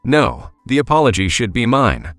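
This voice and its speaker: A woman's voice: rumbling low, sing-song, moderate pace, dry recording, soft background music, voice pushed down. A woman voicing a stern, wronged adult husband in a told story. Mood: apologetic. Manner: stern, apologetic. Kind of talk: storybook narration.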